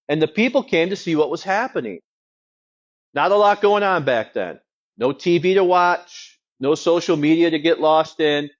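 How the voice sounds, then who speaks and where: A man preaching a sermon as a pastor, in a conversational, wry teaching tone. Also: on the high side. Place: church. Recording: dull lo-fi sound.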